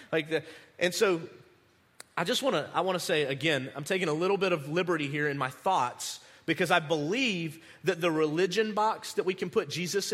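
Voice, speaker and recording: A man preaching a conversational sermon, animated, restarting words and acting out the people he quotes. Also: a little high, long reverb tail. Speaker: pastor.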